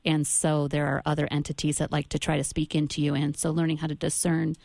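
A woman's voice: sits low, completely flat delivery, fast talker, gravelly, darkish tone, dry recording. A woman guest on a Christian talk show, giving an earnest faith testimony with loose restarts.

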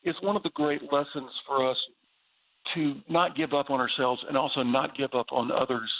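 A man with a Southern US accent, calling in over a thin, tinny phone line. He talks at a mid pitch, earnest and enthusiastic, as a guest on a faith radio show. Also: fairly even intonation, normal speed, gravelly.

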